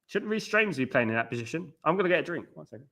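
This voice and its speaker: A man's voice: a little high, big pitch swings, very fast, pushed and bright. A man hosting a live football watchalong late at night from home, reading viewer comments aloud and answering them in a rambling, blunt and scornful way about the match. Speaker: watchalong host.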